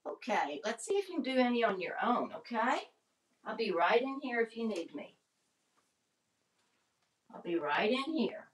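Woman coaxing a pet bird, lively pitch. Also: moderate pace, pauses often. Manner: coaxing, affectionate baby-talk to a pet. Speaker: parrot owner hosting a livestream. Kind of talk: casual talk to a pet bird. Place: indoors at home. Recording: roomy home audio picked up from a distance.

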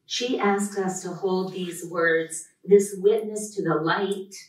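A woman's voice: lowish voice, fairly even intonation, slow pace. A woman professor giving an enthusiastic, heartfelt introduction at a live poetry reading. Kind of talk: live event introduction speech. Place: lecture room at a reading. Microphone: podium mic. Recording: echoey hall, distant mic.

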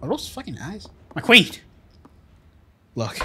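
Male gamer, high lively voice, loud and profane, hammy mock-dramatic reactions. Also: normal speed, pauses often, slight background noise. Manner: loud, excitable, swears often, mock-dramatic pleas. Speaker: gaming channel host. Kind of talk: let's play commentary.

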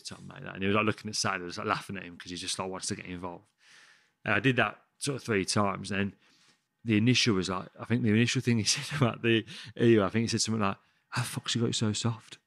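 A man's voice: fairly low pitch, gravelly, a bit bright, dry recording. A man, a chef telling a story in casual chat, rambling and swearing often. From West Midlands, England. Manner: rambling, frequent swearing and restarts. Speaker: chef, podcast guest. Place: podcast studio.

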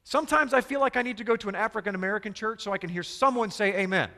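High-voiced man preaching in a reverberant hall. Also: very fast, sharp tone. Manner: emphatic, rhetorical questions to the congregation. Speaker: pastor. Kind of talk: sermon.

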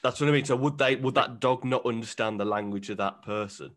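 A man's voice: medium pitch, brisk, fairly bright tone. A man co-hosting a podcast, asking easygoing questions in casual chat. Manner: easygoing, asks questions, hesitant restarts. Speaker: podcast co-host.

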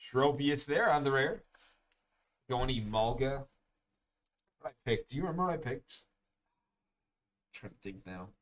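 A man's voice: medium pitch, animated, measured pace, long pauses. Casual young man calling out cards. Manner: casual, calls out each card as he opens packs. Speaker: card break host. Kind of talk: live-streamed pack opening chat.

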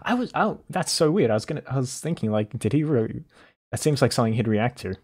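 A man streams himself reacting to videos, talking in a husky, breathy voice. His commentary is incredulous and full of swearing and laughter, and his pitch sits in an ordinary middle range. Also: expressive, quick pace, darkish tone.

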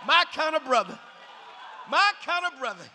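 A man preaching a shouted revival sermon in a large church, hollering in a rhythmic call-and-response style. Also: very high-pitched, animated, moderate pace, some chatter behind, a little hiss or hum. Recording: echoey hall reverb.

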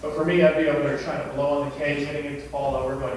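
Young stand-up comic in an echoey club. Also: male voice, a little high, racing, distant mic, a little hiss or hum. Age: young adult. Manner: deadpan, then shouting in mock rants. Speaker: stand-up comedian. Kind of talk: stand-up comedy set. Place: comedy club stage. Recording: very echoey club room from afar.

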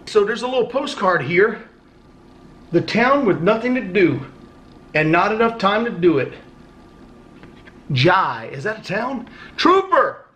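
A man's voice: high-pitched, fairly bright tone. A man vlogging as he opens fan mail, chatting casually, cursing and joking and stumbling a little as he reads notes aloud. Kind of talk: casual unboxing chat.

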